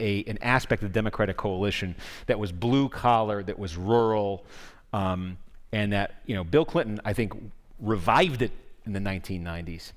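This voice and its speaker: A man speaking as a guest at a public forum, answering audience questions in an earnest, explanatory way and often restarting his sentences mid-thought. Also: fairly low pitch. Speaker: guest speaker, political correspondent. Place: large forum hall. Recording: long hall reverb.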